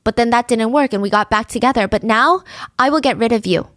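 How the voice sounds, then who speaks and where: A woman's voice: on the high side, a little fast, fairly bright tone, dry recording, studio quality, lightly acted. A woman voicing a desperate young wife who pleads with her husband in a letter, read aloud in an earnest tone. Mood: pleading.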